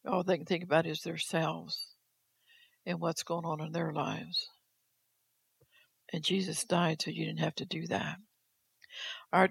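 A preacher gives a sermon in a gravelly, fry-edged voice that stays flat and steady in pitch. The delivery is slow and deliberate, turning again and again to the listeners and repeating phrases to drive each point home. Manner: addresses listeners directly, repeats phrases for emphasis.

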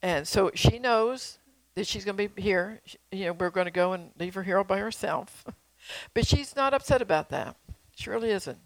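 A woman's voice: mid-range voice, moderate pace, no room sound, poor audio. An older woman preaching in a folksy, emphatic way, repeating phrases and asking her listeners questions. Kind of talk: sermon with prophecy.

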